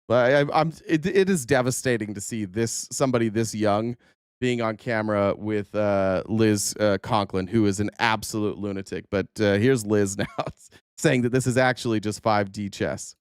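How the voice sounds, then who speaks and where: A man hosting a political commentary livestream, his voice smooth and resonant in a dry, close-miked sound. He talks sarcastically and curses freely, with frequent "uh" fillers and restarts. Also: fairly low pitch, normal speed, no room sound. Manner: sarcastic, profane, filler-heavy. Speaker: livestream host.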